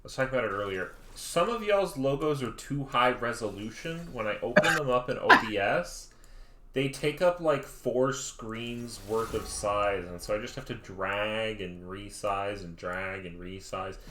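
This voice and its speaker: A man's voice: lowish voice, normal speed, fairly bright tone, a little hiss or hum. A man casting an esports match on a live stream, talking in a laid-back, rambling way with joking asides. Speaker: esports caster. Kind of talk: casual live-stream commentary.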